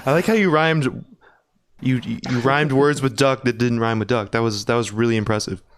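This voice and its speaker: Brief: relaxed male podcast host, friendly chat, mid-pitched. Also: normal speed, a crowd in the background. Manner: easygoing, laughs along, asks short questions. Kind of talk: casual podcast interview.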